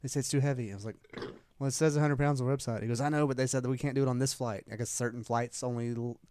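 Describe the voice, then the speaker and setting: A man's voice: mid-range voice, fairly even intonation, rapid-fire, a little mellow, smooth, no echo. Dry, close-miked man telling a rambling story. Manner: rambling storyteller, acts out quoted dialogue. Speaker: podcast co-host. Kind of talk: casual chat.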